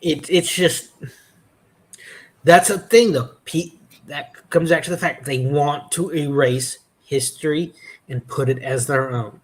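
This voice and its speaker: Slightly high-voiced rambling man. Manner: rambling, halting storyteller with many restarts. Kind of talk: casual chat.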